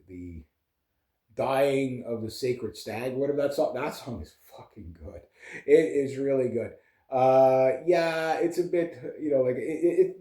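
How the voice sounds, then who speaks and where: A man with a mellow, relaxed tone talks in a loose, rambling way, full of fillers and half-started thoughts. His voice carries in a roomy, echoey space. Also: mid-range voice. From Canada. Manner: rambling, digressive, many fillers and restarts. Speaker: vlogger and musician. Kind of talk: casual rambling chat.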